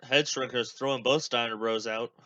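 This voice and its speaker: A man's voice: mid-range voice, fairly even intonation, normal speed, pushed and bright, dry recording, highs cut off. A young man hosting a podcast, rambling casually through a watch-along with lots of filler words. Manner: rambling, many fillers, chatty asides. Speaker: podcast host.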